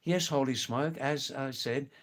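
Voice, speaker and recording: An older man from England, hosting a live stream, chatting casually with viewers in a slow, rambling way full of hesitant fillers. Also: medium pitch. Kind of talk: casual live chat reading viewer comments.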